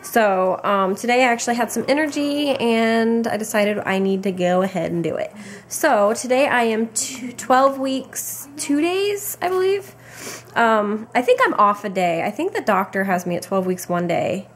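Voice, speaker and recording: A woman's voice: fairly high pitch, animated, moderate pace, slight background noise. Tired young woman, chatty vlog update. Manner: chatty, rambling, many fillers and restarts. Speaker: vlogger. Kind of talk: casual pregnancy update vlog.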